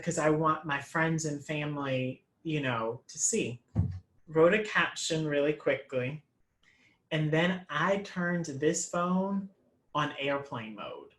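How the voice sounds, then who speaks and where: A man as an interview guest, telling a lively story and acting out the voices he quotes. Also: fairly high pitch, echoey room. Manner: lively anecdote teller, acts out quoted voices. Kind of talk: animated storytelling in conversation.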